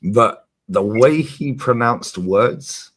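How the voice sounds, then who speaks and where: A man in casual stream chat, animated and quick to laugh, swearing freely as he talks. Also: medium pitch.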